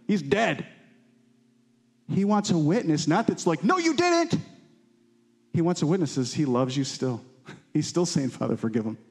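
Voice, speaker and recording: A pastor preaches a brisk sermon with fervent emphasis, climbing high on key lines and dropping low and quiet on others.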